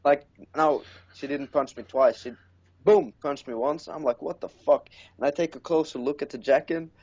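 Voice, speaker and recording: A man's voice: on the high side, moderate pace, creaky, a little mellow. A man from Norway casually telling a crude, profane story about his own mishap and laughing at himself. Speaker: podcast co-host. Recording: dull lo-fi audio.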